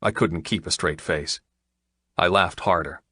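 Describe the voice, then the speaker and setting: Low-voiced male audiobook narrator. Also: unhurried, sharp tone, slightly rough, no room sound, studio quality. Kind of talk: first-person audiobook narration.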